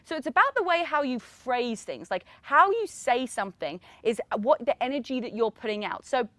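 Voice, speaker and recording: An energetic woman speaks in a fairly high voice, hosting a motivational podcast on her own. She talks in a lively, encouraging way, often checks in with "right?" and laughs now and then. The sound is close and dry, with no room around it. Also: normal speed, no room sound. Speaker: podcast host. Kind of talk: motivational solo podcast talk.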